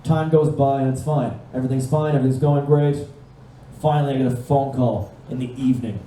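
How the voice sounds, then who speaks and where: A man's voice: mid-range voice, brisk, slight background noise. A young man telling a long stand-up story on a live stage, swearing freely and acting out phone calls in different voices. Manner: animated, profane, acts out phone calls in voices. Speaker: stand-up comedian. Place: live comedy stage with audience. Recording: echoey room from a distance, faint ambience.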